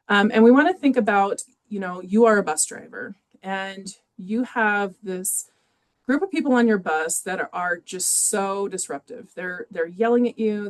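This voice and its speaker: A woman presenting an educational webinar on caregiver stress, speaking conversationally with frequent fillers and restarts. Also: medium pitch. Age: adult with children in youth sports.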